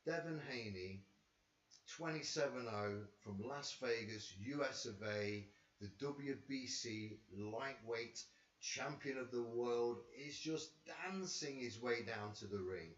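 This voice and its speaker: A tired man hosts a rambling, excitable boxing watch-along from his front room, talking into a camera and swearing casually. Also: on the low side. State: tired after a sleepless night. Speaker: boxing channel host. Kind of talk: live fight watch-along commentary. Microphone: camera he talks into. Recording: echoey room, far from the mic, dull sound.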